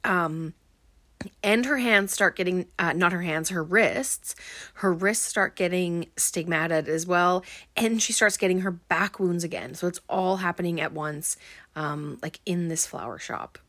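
A woman's voice: fairly low pitch, measured pace, a bit bright, no echo. A woman giving a casual, rambling film recap, full of "um" and "like".

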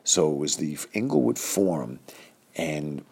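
A man's voice: very deep voice, very animated, measured pace, vocal fry, a little mellow, slightly rough. A man in his fifties telling a rambling personal story, full of fillers, acting out the people he quotes.

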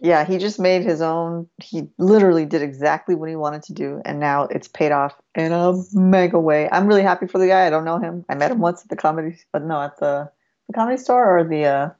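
A woman co-hosting a casual sports podcast, chatty and easygoing, quick to laugh. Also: deep voice, darkish tone. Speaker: podcast co-host. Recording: slightly muffled lo-fi sound.

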